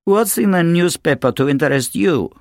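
A man's voice: high voice, expressive, measured pace, dry recording, clean studio sound, voice pushed up. A man voicing a cool, contemptuous mother who talks down to everyone around her. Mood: scornful. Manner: contemptuous, haughty. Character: cool, scornful woman, a mother.

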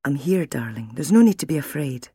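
A gentle young husband comforting his wife, as a woman narrator puts him on. He talks softly and reassuringly, a little lower and husky. The sound is dry and close. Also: sing-song, brisk, no room sound, full character voice. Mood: soothing. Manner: soft, reassuring, wry.

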